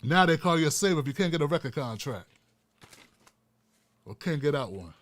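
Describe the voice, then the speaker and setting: A middle-aged man hosting his own online show, ranting with fiery, profane, preacher-like repetition and swinging from hushed asides to shouting. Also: a little high, big pitch swings, brisk. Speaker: YouTube show host. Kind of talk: impassioned vlog rant.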